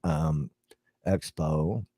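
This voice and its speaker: A man's voice: rumbling low, steady tone, extremely slow, dark tone, breathy edge, no echo, studio quality. A man co-hosting a live stream from his home workshop, rambling casually and laughing easily. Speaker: co-host.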